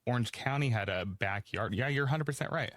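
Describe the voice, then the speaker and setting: A man's voice: mid-range voice, expressive, fairly quick, fairly bright tone, dry recording, clean studio sound. A man from Kentucky hosting a podcast, chatting casually and gushing with emphasis. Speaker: podcast host. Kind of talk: casual chat.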